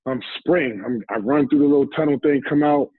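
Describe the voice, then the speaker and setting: Over a completely dry, phone-like line with no room sound, a former football player tells a casual personal story during a laid-back interview. His medium-pitched voice is a little fast and slightly rough, and he rambles easily, recounting scenes with quoted dialogue.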